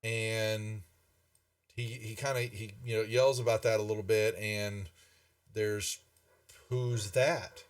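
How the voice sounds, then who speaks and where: A man's voice: fairly low pitch, little pitch movement, measured pace, far from the mic. A man narrating a tabletop game as game master in a rambling, filler-heavy way.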